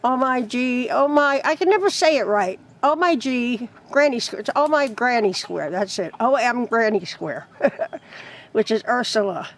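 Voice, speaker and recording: A woman's voice: a little high, animated, measured pace. A woman chatting casually and rambling, laughing often, outdoors by a chicken coop. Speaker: crochet vlogger. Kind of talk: casual vlog chat.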